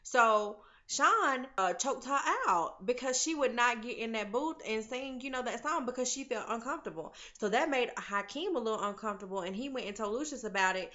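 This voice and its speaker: This TV recap vlogger has a fairly high-pitched voice and talks a little fast, leaving few pauses. She chats animatedly through the episode, acting out what the characters say. Her recording sounds slightly dull and lo-fi.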